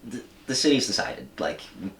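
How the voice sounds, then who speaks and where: A man hosting a casual podcast, retelling a comic story in an animated, profane way with lots of fillers. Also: on the low side, normal speed, slight background noise. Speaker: podcast host. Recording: roomy room, mic at a distance.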